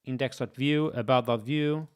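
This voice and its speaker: A man's voice: medium pitch, normal speed, clean tone. A young man live-streaming while he codes, thinking aloud, repeating himself and talking straight to his chat. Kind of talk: casual live-stream commentary.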